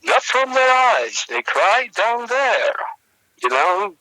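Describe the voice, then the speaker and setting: A young man co-hosting a comedy podcast, telling a rambling story with many halting restarts. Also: extremely high pitch, sing-song, bright, forceful tone, no echo, low-quality recording. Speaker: podcast co-host.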